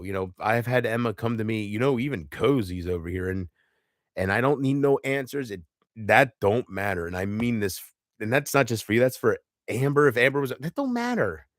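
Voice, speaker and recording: A man speaks on a livestream in a halting, emotional way, starting sentences over and letting them trail off. His voice sits at a middling pitch. The sound is dry and close, with no room around it. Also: dry recording. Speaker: live streamer. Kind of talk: casual livestream chat.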